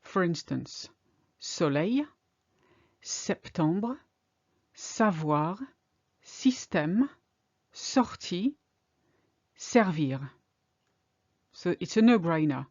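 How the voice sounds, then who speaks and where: A native French woman gives a pronunciation lesson in a fairly low voice. She talks in a clear, deliberate way and slows down for each example word. The audio is dry and a bit dull. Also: lively intonation, a little mellow, no echo. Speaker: French teacher.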